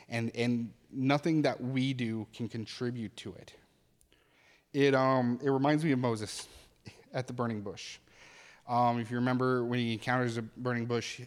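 A man's voice: mid-range voice, normal speed. Earnest male pastor in a reverberant hall. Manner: earnest, conversational preaching with animated asides. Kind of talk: sermon.

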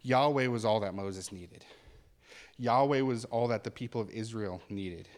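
A man preaching a sermon as pastor, earnest and conversational, with animated asides. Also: fairly low pitch, normal speed, long reverb tail.

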